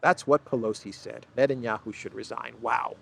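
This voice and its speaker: A man's voice: mid-range voice, fairly even intonation, moderate pace, gravelly, fairly bright tone, slightly rough. A man hosting a solo news commentary, talking in an emphatic, sarcastic way with frequent restarts. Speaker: political commentary host.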